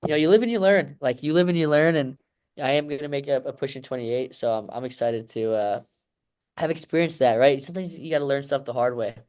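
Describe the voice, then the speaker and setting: Man, thirties, mid-pitched, reflective interview guest, rambling and emotional, many fillers. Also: a little fast, a little mellow, clean tone. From United States. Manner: emotional, rambling, heavy fillers like "you know" and "right". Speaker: guest, Olympic wrestler.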